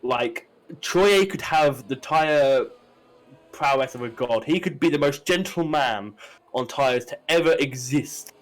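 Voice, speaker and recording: A man's voice: medium pitch, slow, rough recording. A man giving chatty live commentary on a sim race, with many fillers and restarts.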